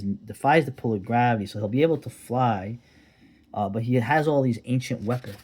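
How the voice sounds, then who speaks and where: A man's voice: lowish voice, a little mellow, slightly rough. A man talks through an old comic book in a loose, rambling way, wandering off into asides. His commentary is casual and often sardonic.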